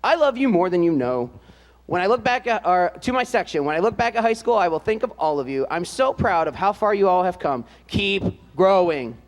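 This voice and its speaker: A man announcing at a ceremony and reading aloud, in a relaxed, joking way with frequent hesitant "uh" fillers. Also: sits high, normal speed, big-room sound. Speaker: announcer introducing band seniors.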